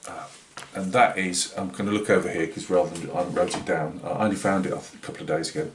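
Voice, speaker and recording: Northeast English man, hobby channel host, chatty and halting, low voice, roomy echo. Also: steady tone, background noise. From Britain. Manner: rambling and hesitant, many fillers and restarts. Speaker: scale-modelling channel host. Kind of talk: casual vlog chat. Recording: roomy echoey room.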